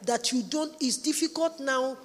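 A woman's voice: high voice, normal speed. A woman preaching a sermon, emphatic, repeating her points for stress. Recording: echoey hall, long reverb.

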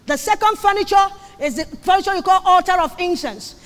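A woman preaching a sermon on marriage, emphatic and repetitive, sometimes breaking into shouts. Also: extremely high pitch, fairly quick. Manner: emphatic, repeats phrases, sudden shouts. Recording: long hall reverb.

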